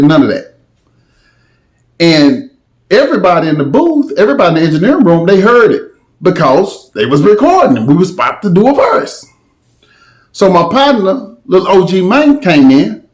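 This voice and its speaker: A man telling a story in a casual, slangy way, with dramatic asides. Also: on the high side.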